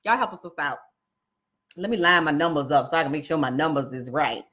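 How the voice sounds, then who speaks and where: A woman's voice: low voice, lively intonation, a little fast, fairly bright tone, dull audio. A woman coaching viewers on a casual live stream, chatty and laughing often, talking straight to her audience.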